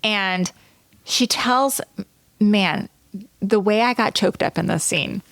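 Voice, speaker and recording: A woman's voice: mid-range voice, gravelly, no echo. A woman co-hosting a podcast, chatting casually and animatedly about a TV episode. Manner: animated, chatty, quick laughs. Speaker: podcast co-host. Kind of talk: casual chat recapping a TV episode.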